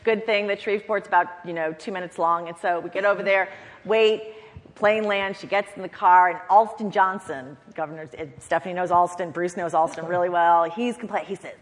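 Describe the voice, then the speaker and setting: A woman panelist telling stories from her campaign days in an animated way, acting out the people she quotes. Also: lowish voice, brisk, big-room sound. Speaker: panelist, former campaign staffer. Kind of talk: panel discussion, lively storytelling.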